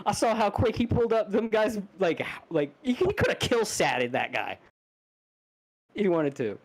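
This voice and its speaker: A man's voice: high-pitched, very animated, normal speed, a little hiss or hum. A man co-hosting a podcast, telling a story in casual chat, laughing, swearing and restarting his sentences. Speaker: podcast co-host.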